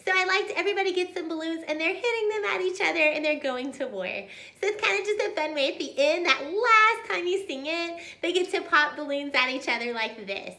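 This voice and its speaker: Young woman tutor with a very high, bright voice, cheerful and chatty, in an echoey room. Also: lively intonation, a little fast. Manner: cheerful, chatty, demonstrates songs and hand motions. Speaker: homeschool tutor and video host. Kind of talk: upbeat how-to teaching video.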